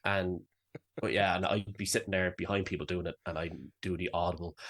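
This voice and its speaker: A man's voice: low voice, fairly even intonation, moderate pace, a bit bright. A young Irish man co-hosting a podcast, grumbling in a wry, self-mocking casual chat. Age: young adult. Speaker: podcast co-host.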